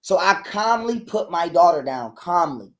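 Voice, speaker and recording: A man, ranting in a heated interview, profane and repetitive, acting out quotes loudly. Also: high voice, expressive, measured pace. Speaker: guest telling his side of a breakup.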